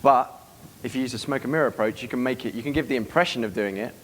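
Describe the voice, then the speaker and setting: A man giving a seminar to a live room, brisk and profane, acting out club scenes as he goes. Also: medium pitch, slight background noise. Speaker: dating coach giving a seminar. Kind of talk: live seminar talk to an audience.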